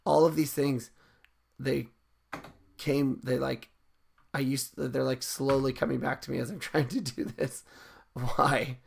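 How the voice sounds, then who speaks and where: A man's voice: mid-range voice, gravelly, a little hiss or hum. A man casually coding on a live stream, thinking aloud and often correcting himself mid-sentence as he chats with viewers. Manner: relaxed and chatty with viewers. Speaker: streamer teaching game coding. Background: keyboard typing and clicks.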